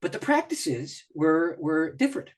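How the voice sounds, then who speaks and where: A middle-aged man with a slightly husky voice tells personal stories as a guest in an interview. His pitch swings widely as he acts out his own thoughts, and he laughs often as he talks. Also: sing-song, measured pace. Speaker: pastor and author, interview guest. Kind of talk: animated personal storytelling in an interview.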